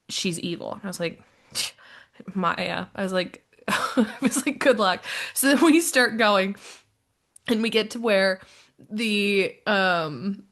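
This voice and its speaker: A young woman co-hosting a podcast in a casual chat, telling an animated story and acting out her friend's lines. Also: medium pitch. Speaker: podcast co-host.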